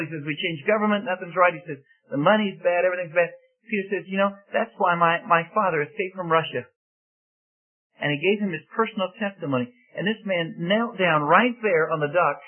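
Man preaching on old radio, kinda high voice, tells stories animated, tinny sound. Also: breathy edge. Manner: animated storyteller, acts out quoted dialogue. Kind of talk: sermon storytelling. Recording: tinny phone-like radio broadcast.

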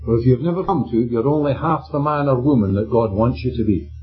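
In this dull lo-fi recording with faint music behind him, a man preaches a sermon emphatically and checks in with his listeners through questions. His voice is medium in pitch and his pace is brisk.

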